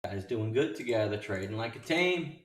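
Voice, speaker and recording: A man hosting a live day trading show, excitedly calling out prices and shouting out names from his chat. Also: lowish voice, normal speed, far from the mic, a little hiss or hum. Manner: hyped, rattling off stock prices and chat names. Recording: roomy sound from off-mic.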